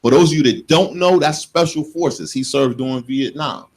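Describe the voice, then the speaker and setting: A man in his forties, from the United States, hosting a radio show in a studio and telling stories in an animated, joking way, laughing at himself. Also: mid-range voice, normal speed. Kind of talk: casual radio talk.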